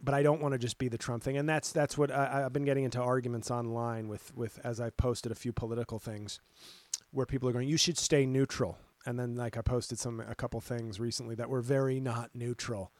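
A man's voice: mid-range voice, fairly quick, no room sound. A man, a comedian hosting his own podcast, ranting in a casual monologue with sarcasm and plenty of swearing. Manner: animated, ranting, swears freely; sarcastic, talks back to critics.

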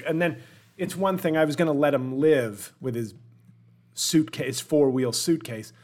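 A man's voice: a little high, a little slow, darkish tone. A man in his forties talks alone on his podcast in a loose, comic ramble, wry about himself. He wanders between stories and gripes, often calling out to his listeners. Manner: rambling, self-deprecating, wry. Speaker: podcast host. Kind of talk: comedic solo monologue.

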